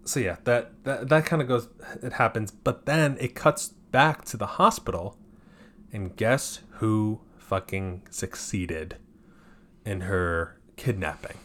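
A man's voice: on the low side, slow, fairly bright tone, slight background noise. A man co-hosting a podcast in casual chat, joking around and swearing easily. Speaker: podcast co-host.

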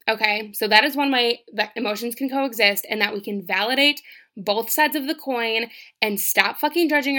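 Bright, emphatic young woman giving advice. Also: fairly high pitch. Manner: earnest, emphatic, swears freely, lots of "like" and "right?". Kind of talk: casual advice monologue.

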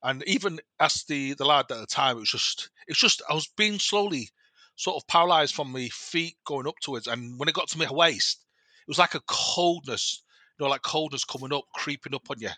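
Bright, rambling man telling a story. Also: a little high, normal speed, no echo. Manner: rambling, many restarts and self-corrections; animated retelling with quoted dialogue. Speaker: guest. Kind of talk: casual storytelling.

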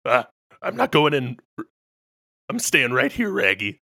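A man's voice: medium pitch, big pitch swings, a little slow, vocal fry, bright, forceful tone, heavily acted. Guy doing a scaredy cartoon dog, mushy r-talk, kinda whiny. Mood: refusing. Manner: mushy dog-speech with R sounds. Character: cowardly talking cartoon dog.

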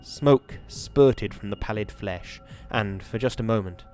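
A man hosting a podcast, giving a measured, dramatic reading of a horror novel and then chatting about it. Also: lowish voice, a little mellow, faint music behind. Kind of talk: dramatic reading and casual commentary.

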